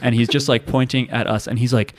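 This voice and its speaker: A man co-hosting a podcast, chatting casually and telling animated, jokey stories. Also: medium pitch, fast. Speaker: podcast co-host. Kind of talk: casual chat.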